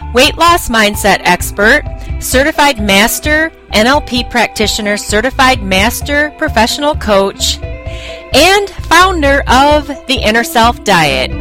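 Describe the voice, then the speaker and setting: A woman's voice: fairly high pitch, sing-song, measured pace, fairly bright tone, soft background music. Emphatic woman hosting a coaching podcast. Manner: emphatic, repetitive, direct to listener. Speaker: podcast host and weight loss coach. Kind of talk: scripted podcast monologue.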